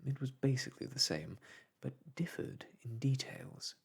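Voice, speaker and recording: A man reading a classic novel aloud in a soft, hushed ASMR storytelling style. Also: mid-range voice, animated, unhurried. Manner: hushed, breathy and gentle.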